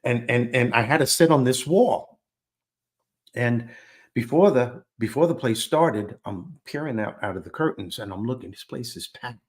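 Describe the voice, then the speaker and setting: Animated man telling a funny childhood story. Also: mid-range voice, normal speed. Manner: animated, self-deprecating, acts out quotes. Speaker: guest storyteller. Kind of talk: conversational storytelling.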